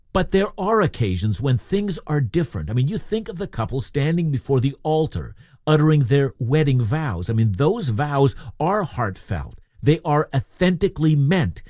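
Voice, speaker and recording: A man's voice: medium pitch, a little mellow, dry recording, clean studio sound. A man preaching a sermon in a conversational way, asking his listeners questions.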